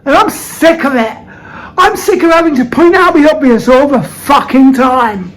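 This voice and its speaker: British woman going off on a sweary rant, really high voice swinging all over, half laughing half crying. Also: animated, normal speed, low-quality recording. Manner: heated, sweary, voice cracking between laughter and tears. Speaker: vlog host. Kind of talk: angry ranting monologue.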